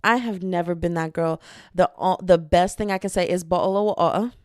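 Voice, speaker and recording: A woman's voice: fairly low pitch, fairly even intonation, moderate pace, no echo, clean studio sound. A young woman in her twenties hosting a solo podcast, chatting casually in a rambling, self-deprecating, jokey way into a microphone. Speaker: podcast host.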